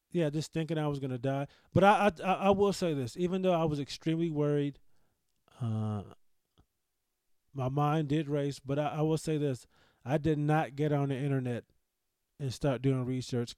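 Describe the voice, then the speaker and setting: A man's voice: medium pitch, moderate pace, a little mellow, clear, resonant tone, no echo. A man hosting a podcast, telling a personal story in an anxious, self-deprecating, rambling way. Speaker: podcast host.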